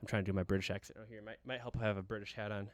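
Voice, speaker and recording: Smooth-voiced rambling gear demo guy. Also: fairly low pitch, fairly even intonation, racing, no echo, clean studio sound. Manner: rambling, many restarts, enthusiastic. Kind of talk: casual gear demo talk.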